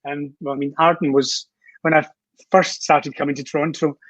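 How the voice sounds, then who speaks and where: Scottish man, slightly higher voice. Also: flat delivery, moderate pace, a bit bright, no room sound, poor audio. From Scotland. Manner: chatty storyteller, many fillers and restarts. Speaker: guest. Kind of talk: casual chat. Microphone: video call.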